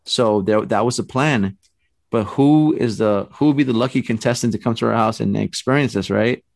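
A man casually telling a long story, rambling and animated, full of fillers. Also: medium pitch, moderate pace, vocal fry, no room sound. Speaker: storyteller guest. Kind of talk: casual chat.

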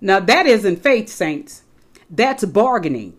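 A woman's voice: medium pitch, sing-song, takes it slowly, husky. Woman preaching an emphatic sermon. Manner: emphatic, repeats key phrases, addresses congregation directly. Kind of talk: sermon, Bible teaching.

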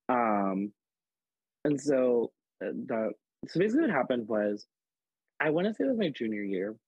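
Husky-voiced man telling animated stories. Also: mid-range voice, dry recording, highs cut off. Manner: animated, filler-heavy storytelling with many "like"s. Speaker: podcast guest, drag performer. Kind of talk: casual storytelling chat.

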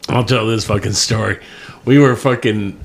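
A man's voice: lowish voice, steady tone, moderate pace, creaky. A middle-aged man, telling a story in a casual chat, swearing constantly and laughing as he goes. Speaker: podcast co-host.

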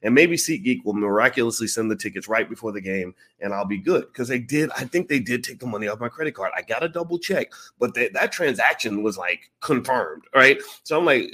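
A man's voice: medium pitch, fairly quick, hardly any pauses, breathy edge. A man casually telling a long, profane personal story, acting out the voices of the people in it. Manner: animated, profane, acts out quoted voices.

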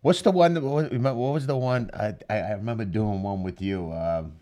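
A man's voice: fairly low pitch, moderate pace, warm tone. A man hosting a casual podcast with eager interjections.

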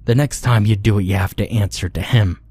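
A man's voice: lowish voice, fairly quick, mellow, breathy edge, no room sound. A man voicing a stern little carnival showman scolding a performer.

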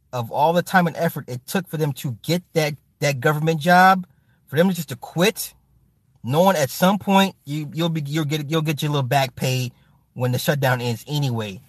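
A man's voice: on the high side, dry recording, studio quality. A man hosting a casual livestream, reading viewer comments aloud, swearing freely and laughing often. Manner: profane, animated, laughs often, talks straight to the chat. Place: home streaming setup with ring light.

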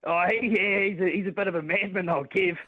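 A man's voice: sits high, steady tone, a little fast, dry recording, phone-quality sound. A man with a New Zealand accent calling in to a sports radio show, laid-back and saying mate a lot. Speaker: caller. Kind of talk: casual phone-in chat.

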